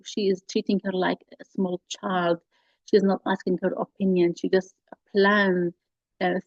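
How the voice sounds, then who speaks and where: A woman teacher walks her class through a play scene, going back over her points. Her voice is dark and mellow, and her pitch sits in the middle range. The recording sounds dull and dry. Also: no room sound. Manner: explanatory, repeats key points. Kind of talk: classroom lesson explaining a play.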